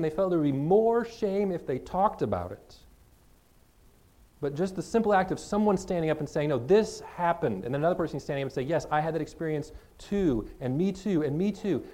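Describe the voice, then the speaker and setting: A man's voice: high voice, warm tone. A man preaching a sermon as pastor, speaking earnestly in a conversational way to his congregation.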